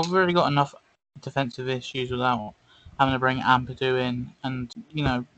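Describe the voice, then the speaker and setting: A man talks football on a podcast in a blunt, sceptical way. His voice sits at a middle pitch and is recorded dry, with no room sound around it. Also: fairly bright tone, no room sound, rough recording. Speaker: podcast co-host. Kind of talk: casual football chat.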